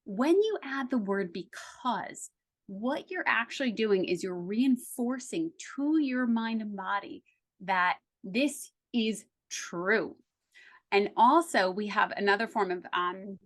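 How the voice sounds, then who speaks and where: A woman success coach speaking enthusiastically in a podcast interview, acting out little inner voices as she explains. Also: a bit bright. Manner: enthusiastic, acts out inner voices with quick pitch jumps.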